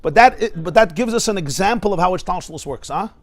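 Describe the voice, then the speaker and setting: Rabbi teaching a lively Torah class. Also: male voice, high-pitched, fast. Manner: explanatory, lively teaching with Hebrew terms and questions to listeners. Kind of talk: Torah lecture.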